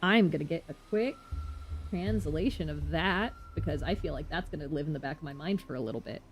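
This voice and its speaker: A woman casually commenting while streaming a game, chatty and excitable with frequent laughs. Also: low-pitched, fairly quick, a little hiss or hum.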